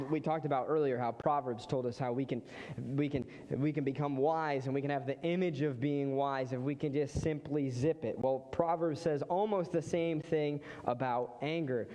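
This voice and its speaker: A man's voice: a little high, a little mellow. A man, a pastor, preaching a sermon in a conversational way, with emphatic repeated phrases. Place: church sanctuary. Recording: long reverb of a large hall.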